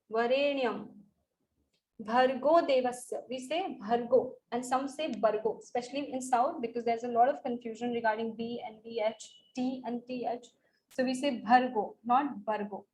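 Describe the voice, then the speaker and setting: A woman teaches mantra chanting over a video call. Her voice sits a little high, and she talks in a careful explaining way, pausing to sound out words one by one. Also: rough recording. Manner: explanatory, demonstrates pronunciations aloud. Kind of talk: online lesson on chanting.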